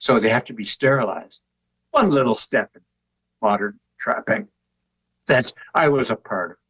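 An older man, an author and artist, telling relaxed anecdotes with wry humor in an interview. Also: medium pitch, normal speed, breathy edge, no echo, rough recording. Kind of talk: conversational interview storytelling.

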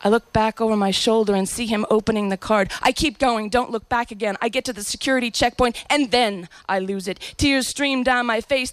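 Woman doing spoken word storytelling, kinda high voice, poetic and emotional, dry close sound. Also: smooth, no room sound.

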